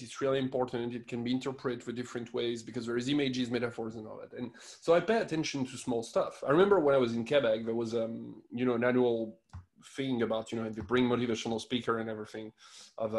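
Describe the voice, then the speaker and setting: A man in his thirties from France with a French accent, co-hosting a podcast in an animated, laughing rant. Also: mid-range voice. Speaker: podcast co-host. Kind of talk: casual chat.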